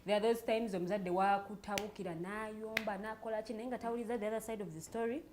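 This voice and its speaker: A Ugandan woman on a chat show, laying out her thoughts in quick, steady speech. Her voice sits at a mid pitch. Faint room noise hangs behind her. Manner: reflective, explains her views at length, mostly in Luganda. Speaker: co-host. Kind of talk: casual panel chat.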